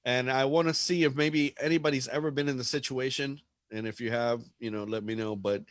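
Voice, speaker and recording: A man's voice: medium pitch, a bit bright, no room sound, clean studio sound. A man in a casual podcast chat, ranting and telling a story with lots of swearing and animation.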